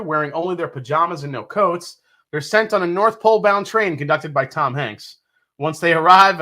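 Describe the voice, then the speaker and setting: A man's voice: high voice, pushed and bright. A man from New York hosting a casual live stream, reading out viewer comments, joking, swearing casually and laughing often. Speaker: livestream host.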